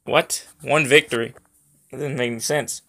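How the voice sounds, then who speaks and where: Man, gaming video host; bright, forceful tone; rambling commentary, filler-heavy, easily irked. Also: medium pitch, steady tone, moderate pace, gravelly. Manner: rambling, lots of ums and uhs; irritated at lag, complaining. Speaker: gaming YouTuber. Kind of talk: gameplay commentary.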